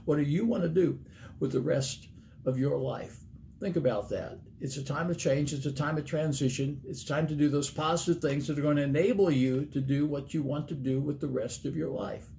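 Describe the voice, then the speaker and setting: Earnest middle-aged male pastor, mellow tone. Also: fairly high pitch, steady tone, normal speed, vocal fry, a little hiss or hum. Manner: earnest, numbered points with folksy stories. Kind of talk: sermon.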